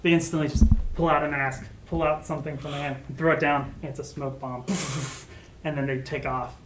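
A man running a tabletop role-playing game, narrating in a casual, halting way full of fillers. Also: on the high side, little pitch movement, fairly bright tone. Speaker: game master. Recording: echoey room with faint noise.

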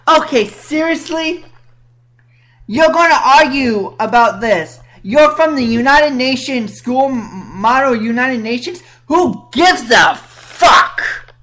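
A woman's voice: high-pitched, lively intonation, takes it slowly, a bit bright. A woman hosting a casual talk show, reacting indignantly and reading out comments. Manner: indignant, exclaiming, reads comments aloud. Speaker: podcast host.

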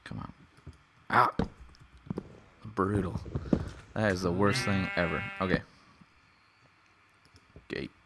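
A man's voice: sits low, takes it slowly, gravelly, long pauses, background noise. A man giving casual let's play commentary, chatting to the animals in his game with mock-angry outbursts. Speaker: gamer.

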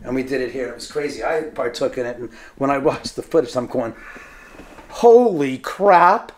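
A man showing guests around his house indoors and telling lively stories, acting out the voices of others. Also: medium pitch, fast. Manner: lively, acts out quoted voices. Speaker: homeowner giving a house tour. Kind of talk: animated storytelling.

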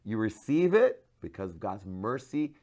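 A man, a pastor, giving a devotional sermon to camera, moving from hushed, earnest talk to loud, pleading cries. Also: lowish voice, big pitch swings, a little slow. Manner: passionate, swings from hushed to loud cries when quoting.

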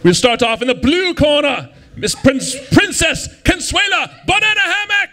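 A man's voice: very high voice, lively intonation, normal speed, bright, forceful tone. A man hosting a live show, introducing contestants with showy ringside announcer flair. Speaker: event host.

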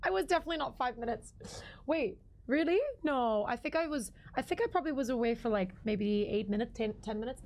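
A woman's voice: fairly high pitch, expressive, a little fast, a little mellow. A young woman streamer chatting casually with her live chat, giggly and talkative, reading out viewer names.

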